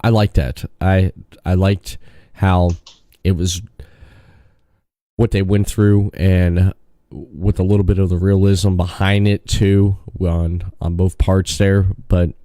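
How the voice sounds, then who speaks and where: Male podcast host, low and mellow, easygoing with his guest. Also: no echo, studio quality. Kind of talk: casual chat.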